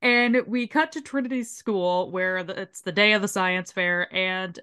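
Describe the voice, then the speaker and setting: A woman's voice: mid-range voice, measured pace, clear, resonant tone. Woman co-host recapping an episode. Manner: swearing, laughing, animated retelling. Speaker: podcast co-host.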